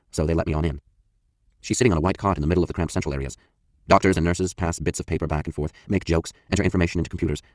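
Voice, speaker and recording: A man with a very deep voice narrates a first-person memoir audiobook at a rapid clip. His delivery is blunt and confessional, and he swears freely. The recording is dry and close, with no room sound. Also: darkish tone, dry recording.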